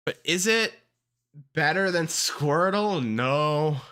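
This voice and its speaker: An excitable, foul-mouthed streamer in casual livestream chat, whose pitch leaps all over the place. The voice is bright and sharp, and the delivery unhurried and drawn out even in the heated rants. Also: smooth. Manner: excitable and heavily profane, rants then laughs.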